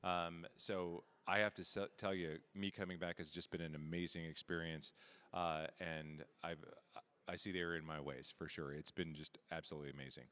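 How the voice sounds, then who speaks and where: An older grandfather, a returning auctioneer, answering an interview in a heartfelt, halting way. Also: sits low, flat delivery, bright, forceful tone. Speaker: auctioneer contestant.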